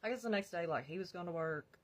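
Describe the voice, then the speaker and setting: Woman, husky breathy voice, blunt profane storytime vlogger, confessional. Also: lowish voice, fast talker. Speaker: vlogger telling her life story. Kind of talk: candid storytime.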